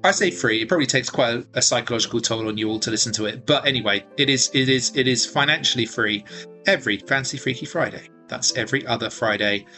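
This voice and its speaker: A man narrating as game master and hosting the podcast, an animated storyteller who acts out sound effects. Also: medium pitch, fast, soft background music.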